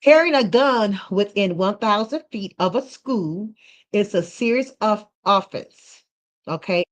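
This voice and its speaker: A woman's voice: medium pitch, lively intonation, unhurried. A woman hosting a casual livestream who rambles, uses many fillers, and keeps checking in with "okay?". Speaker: livestream host.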